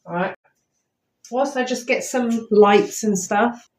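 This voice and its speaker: A woman's voice: a little high, takes it slowly, a little mellow. A woman, chatting casually and rambling with lots of ums while streaming live from a house at night on a phone. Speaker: paranormal investigator streaming live. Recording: roomy echoey house.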